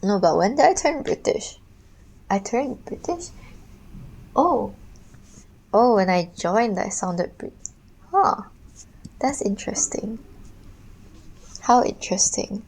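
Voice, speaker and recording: A woman's voice: mid-range voice, animated, slow pace, gravelly, pauses often, darkish tone, rough recording. A young woman, an art streamer, chatting casually and ramblingly while she draws, full of slang. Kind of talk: casual chat while drawing.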